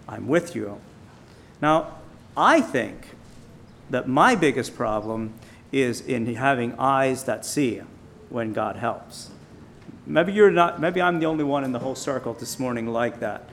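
A man preaching an informal sermon, building up loud on key phrases and dropping quiet on others. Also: mid-range voice, very animated, slight background noise. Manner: emphatic, rising loud on key phrases, slowing on quiet points.

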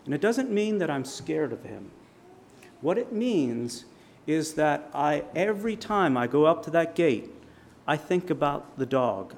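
A man's voice: on the high side, big pitch swings, a little slow. Man telling a sermon story. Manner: vivid storyteller, dramatic shouts in quotes. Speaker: preacher.

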